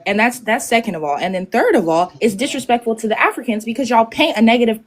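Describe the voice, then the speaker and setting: A woman's voice: on the high side, quick pace. A woman in her twenties from the United States arguing on a live stream, indignant and swearing. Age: 20s. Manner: indignant, swears, talks over others. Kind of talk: heated live stream argument.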